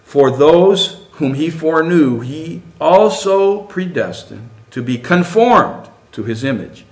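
A middle-aged man preaching a sermon, animated and full of rhetorical questions to the congregation. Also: fairly high pitch, slow.

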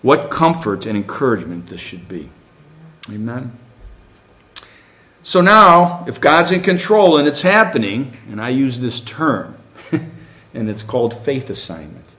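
A middle-aged man delivering a sermon, his pitch leaping up and down with real liveliness. He keeps turning to the congregation with rhetorical questions, animated and earnest throughout. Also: a little slow. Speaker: preacher.

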